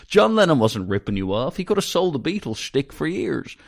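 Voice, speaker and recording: A man's voice: on the high side, brisk, gravelly, hardly any pauses, dry recording, clean studio sound. A man hosting a podcast interview, ranting bluntly and swearing in casual chat. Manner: blunt, swears, animated rants. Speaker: podcast host.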